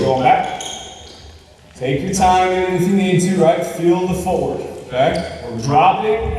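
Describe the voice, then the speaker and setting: A man coaches players through a basketball drill, barking short commands and quick praise. His voice sits a bit higher than most men's and rings through a large, reverberant gym. He is picked up from a distance, with steady background noise. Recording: echoey gym from far off.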